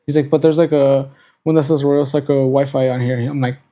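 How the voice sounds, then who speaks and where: A young man, a podcast guest, telling work stories in a blunt, deadpan way and mimicking customers. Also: medium pitch, fairly quick, dull audio.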